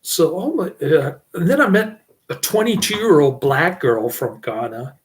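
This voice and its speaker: A man's voice: fairly high pitch, animated, measured pace. A middle-aged man giving a casual, rambling channel update, often breaking into chuckles. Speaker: channel host.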